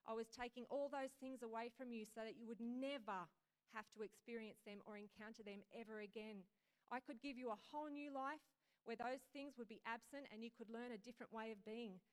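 A woman's voice: fairly high pitch, fairly quick, clear, resonant tone, lightly acted. A woman voicing Jesus as a firm, insistent man while reading a dream story aloud in a sermon. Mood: joyful. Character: stern then joyful male Jesus, insistent.

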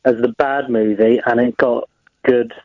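A man's voice: medium pitch, flat delivery, measured pace, no echo. A man calling a radio phone-in, eager and argumentative. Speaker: caller. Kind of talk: phone-in chat. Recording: tinny phone line.

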